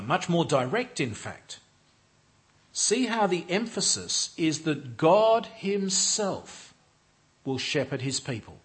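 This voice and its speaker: Measured man preaching a Bible sermon. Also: fairly high pitch. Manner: measured, deliberate, stresses key words. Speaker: church leader.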